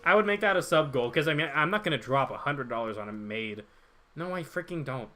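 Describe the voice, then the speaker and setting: A man's voice: on the high side, animated, brisk, bright, forceful tone. A young man streaming a game, chatting casually and jokingly with his viewers while reading their chat aloud.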